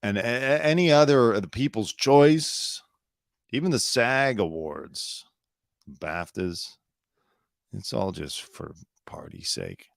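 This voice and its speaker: A man's voice: deep voice, gravelly, no room sound. Dry-voiced sarcastic male commentator. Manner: sarcastic, rambling, swears freely. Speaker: show host. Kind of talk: casual solo commentary.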